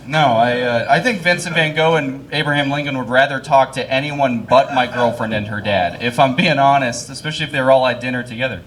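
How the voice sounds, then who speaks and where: A man's voice: mid-range voice, brisk, hardly any pauses, a bit bright. A young man doing live stand-up, rambling and self-deprecating and laughing at his own jokes. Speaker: stand-up comedian.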